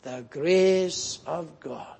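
A man preaching a sermon in a slow, measured way, rising in emphasis on key phrases. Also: a little high, creaky, darkish tone, husky.

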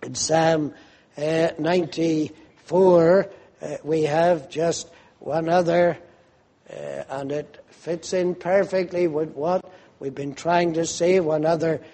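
A man preaching a fervent sermon, slow and emphatic, rising to loud cries when quoting pleas to God. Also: a little high, steady tone.

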